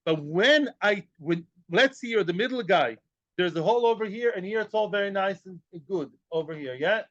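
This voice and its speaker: High-voiced playful man teaching Talmud. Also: expressive, moderate pace, a bit bright, no echo, highs cut off. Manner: playful, joking, sprinkles Hebrew and Aramaic terms; rhetorical questions, repeats phrases. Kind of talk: Talmud class lecture.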